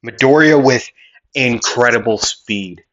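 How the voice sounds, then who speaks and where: Slow, rambling male fan storyteller. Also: mid-range voice, a bit bright, lo-fi sound. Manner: rambling, with many fillers and restarts.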